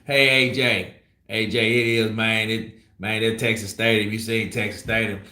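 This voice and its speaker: Man impersonating a boastful boxer, slangy, teasing, low voice, echoey room. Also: level tone, normal speed, bright, forceful tone. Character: boastful laid-back male boxer playing tour guide.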